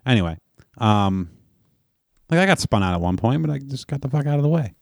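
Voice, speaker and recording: A man co-hosting a podcast in casual chat, deadpan and cocky, swearing freely. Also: mid-range voice, fairly quick, creaky, dry recording, studio quality. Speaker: podcast co-host.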